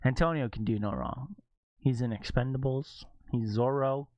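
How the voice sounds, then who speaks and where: A man streaming a game live, ranting in casual chat and leaping between low mutters and high exclaims. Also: normal speed, no room sound, lo-fi sound. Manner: animated ranting, jumps to high exclaims and laughs.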